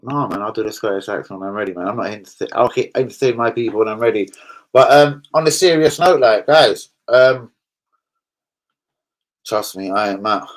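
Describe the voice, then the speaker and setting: A man with a London accent, his voice sitting on the low side, runs a casual livestream and chats straight to his viewers. His banter is blunt and heavily laced with swearing. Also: normal speed, low-quality recording. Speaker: livestream host.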